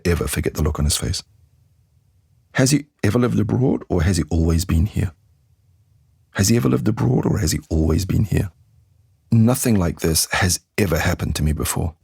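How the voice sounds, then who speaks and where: Low, gravelly male English teacher. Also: a little mellow, dry recording, studio quality. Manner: slow, deliberate model sentences repeated for learners; coaching, gives tips and drills to the listener. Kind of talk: language lesson podcast.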